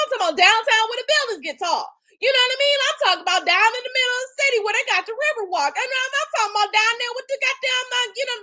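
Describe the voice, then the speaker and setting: A woman in her forties speaks with a very high voice that leaps all over the place as she rants on her livestream. She is blunt and profane, with features, and she talks straight to her viewers in an animated, mocking way. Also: rough recording. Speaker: tarot reader and livestream host. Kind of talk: casual livestream rant.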